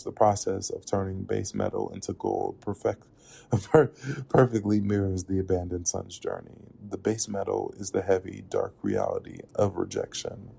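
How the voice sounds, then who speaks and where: A man with a very deep, gravelly voice delivers a reflective spoken essay. His tone is dark and husky, and his pacing is measured and earnest. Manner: measured, earnest, with occasional laughs at slips. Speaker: narrator.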